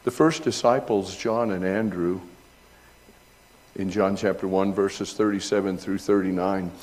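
A middle-aged male pastor preaching a sermon, reading from an old essay and rising to loud, high emphasis when retelling scenes. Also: fairly even intonation, a little slow, big-room sound. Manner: reads aloud from an old essay between remarks.

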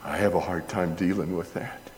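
A man preaching a sermon and explaining Greek words, deliberate in delivery and building to loud emphatic peaks. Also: sits low, fairly even intonation, a little hiss or hum. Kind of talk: sermon with Greek word study. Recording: long hall reverb.

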